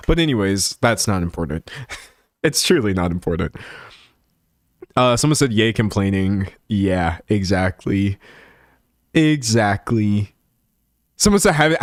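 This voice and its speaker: A young Southern man rants sarcastically to his live chat, with quick laughs scattered through his talk. His voice sits fairly low, and it sounds dry and close to the mic. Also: dry recording. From American South. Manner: animated, sarcastic, laughs often. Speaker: livestream commentator. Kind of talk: live stream commentary.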